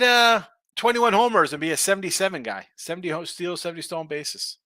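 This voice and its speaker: A man's voice: sits high, animated, fairly quick, sharp tone, dry recording. A man hosting a sports betting live stream, rambling and thinking aloud in casual chat. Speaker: sports betting show host.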